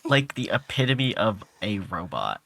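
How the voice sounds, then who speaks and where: A laid-back man co-hosting a loose podcast. His very bright, sharp voice leaps widely in pitch, and he mostly answers in short, dry remarks. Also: huge pitch swings, measured pace, creaky, dry recording. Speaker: podcast co-host. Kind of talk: casual unedited chat.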